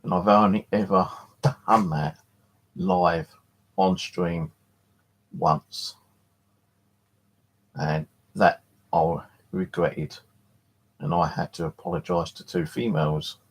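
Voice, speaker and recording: A man hosting a live stream from his flat, chatting casually in a rambling, jokey way and swearing freely. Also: low voice, slow, gravelly, pauses often, breathy edge. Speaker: live streamer and paranormal channel host.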